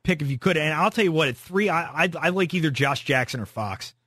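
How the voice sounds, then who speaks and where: A man's voice: on the high side, animated, brisk, bright, forceful tone, no echo, clean studio sound. A young man hosting a sports talk radio show, casual and opinionated, rambling through his takes.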